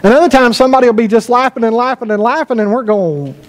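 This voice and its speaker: A pastor with a high-pitched voice delivers a conversational sermon to his congregation. He moves between personal anecdotes, quoted dialogue and scripture read aloud. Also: fast, poor audio. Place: church sanctuary.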